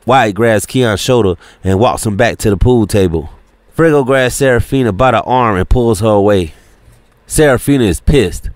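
A man narrating an audiobook in a steady, plain reading. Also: lowish voice, moderate pace, no echo. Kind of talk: scripted narration.

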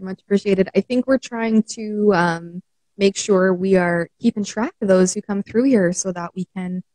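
A Canadian woman coach chatting on a live show, laughing easily and often. Her voice is mellow and relaxed, and the sound is close and dry with no room echo. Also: mid-range voice. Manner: warm, laughs often, many fillers. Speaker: mental wellness coach. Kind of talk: casual live-stream chat.

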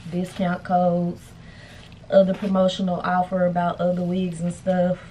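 A woman's voice: fairly low pitch, monotone, measured pace, mellow, a little hiss or hum. A woman vlogger chatting casually and playfully to her viewers while styling a wig. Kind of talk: casual beauty vlog chat. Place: indoors, hotel room.

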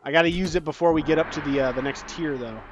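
A man casually commenting on his own gameplay, swinging between low muttering and frantic panicked outbursts. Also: quick pace, dull audio, a little hiss or hum. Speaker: gaming channel host.

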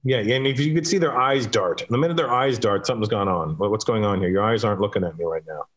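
A man from Canada, a comedian and podcast guest, telling stories in an animated way and acting out the dialogue. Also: lowish voice, quick pace. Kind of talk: casual chat and storytelling.

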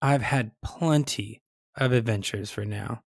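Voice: mid-range voice, lively intonation, moderate pace, slightly rough, dry recording. A storyteller voicing a small, sleepy talking mask who mumbles drowsily, close to the teller's own voice. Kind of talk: storybook character voice.

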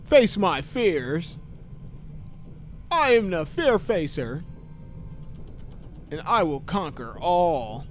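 A man's voice: fairly high pitch, sing-song, unhurried, long pauses, a little hiss or hum. A man in his thirties with a sore voice from talking too much, joking to himself and yelping at scares as he plays a horror game. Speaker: gaming YouTuber.

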